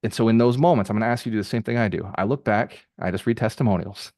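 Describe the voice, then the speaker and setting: A lower-pitched man talks fast and energetically, coaching a group call like a motivational mentor. He piles up repeated phrases as he drives his points home. The sound is dry and close to the mic. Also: dry recording. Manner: energetic, conversational, rapid-fire with repeated phrases. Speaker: real estate mentor hosting a group call. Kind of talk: motivational talk to a live call.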